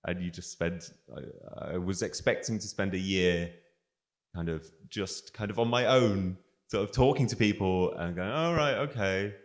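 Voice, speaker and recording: A man's voice: sits low, normal speed. A man from northwest England with a northern English accent, a guest musician in a casual livestream interview, telling stories and acting out the voices of the people he quotes. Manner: lively storyteller who acts out quoted voices.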